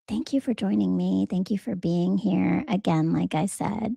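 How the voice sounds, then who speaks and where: Gravelly, warm-voiced woman hosting a podcast. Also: mid-range voice, measured pace, few pauses, no room sound. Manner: earnest, conversational, storytelling with quoted voices. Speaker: podcast host. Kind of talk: personal reflective monologue.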